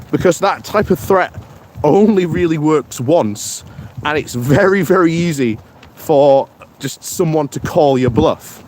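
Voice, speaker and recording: A man's voice: a little high, darkish tone, slight background noise. A British man hosting a political live stream, chatting casually and reading out viewer comments in a rambling way with many fillers. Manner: slow, rambling, with frequent fillers.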